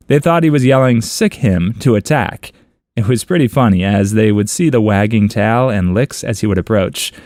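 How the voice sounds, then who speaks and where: A man's voice: no echo, clean studio sound. A man narrating online comments aloud for a story channel, in a playful, amused reading. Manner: playful, amused reading with lively pitch swings.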